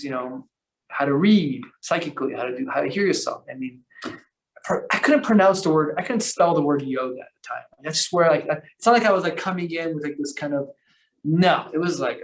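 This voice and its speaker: Male podcast guest, rambling storyteller, slangy, slightly high voice. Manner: rambling, animated, lots of fillers and restarts; slangy, calls the host bro. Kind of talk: casual storytelling conversation.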